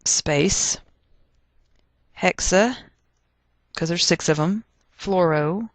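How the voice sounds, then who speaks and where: A woman's voice: fairly low pitch, drawn-out words, no echo. A woman teaching a chemistry lesson, chatty and thinking aloud as she works through problems. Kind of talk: recorded chemistry lecture.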